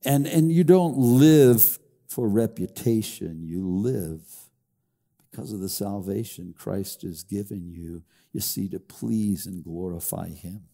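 A man's voice: fairly low pitch, slow pace, creaky, mellow, big-room sound. An older man preaching a sermon, with emphatic rises, sing-song stresses and repeated words. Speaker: pastor.

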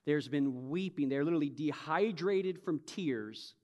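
A man preaching a sermon as pastor, emphatic, swinging from soft reflection to loud, urgent bursts and acting out imagined speakers. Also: on the high side, measured pace. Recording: long hall reverb.

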